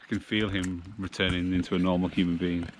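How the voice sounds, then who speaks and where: A British man hosting a casual outdoor vlog at a woodland campsite, chatty and relaxed, laughing easily. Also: sits low, quick pace, crowd noise. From United Kingdom. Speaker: channel host.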